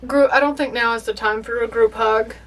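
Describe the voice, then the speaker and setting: A young woman with a high, bright voice watches a movie for the first time and reacts briskly. She's excitable and emotional, talking straight back to the on-screen characters.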